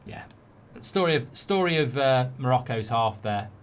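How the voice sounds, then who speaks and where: A man's voice: mid-range voice, animated, normal speed, smooth. Chatty man hosting a watchalong. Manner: chatty, reads viewer comments aloud. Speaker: football watchalong host. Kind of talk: casual live-stream commentary.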